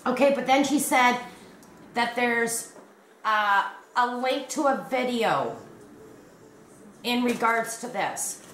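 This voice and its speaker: Canadian woman, 50s, crochet vlogger; excitable, gushing delivery, unhurried, echoey room. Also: a little high, slight background noise. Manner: gushing and excitable, breathless giggles. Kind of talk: casual vlog unboxing.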